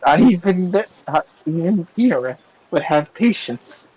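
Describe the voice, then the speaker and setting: A man's voice: fairly high pitch, lively intonation, measured pace, darkish tone, slightly rough, rough recording. A man playing in a tabletop game, chatty and a bit hesitant. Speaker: player. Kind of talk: tabletop role-play chat.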